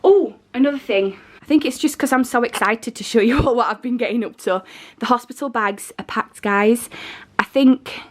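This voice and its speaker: A woman's voice: fairly high pitch, normal speed. A young pregnant woman, chatting casually in a home vlog, rambling and out of breath. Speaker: vlogger. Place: home living room and nursery, indoors.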